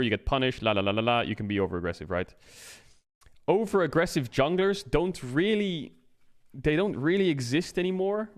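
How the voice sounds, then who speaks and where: A man streaming a casual explanatory rant, talking it through conversationally, often checking in with the listener and swearing now and then. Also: medium pitch. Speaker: streamer and game analyst.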